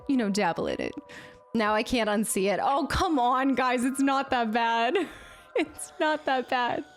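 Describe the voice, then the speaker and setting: Chatty woman streamer with higher voice. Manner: chatty, laughs often, reads chat aloud. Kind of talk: casual chat with viewers. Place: home streaming setup.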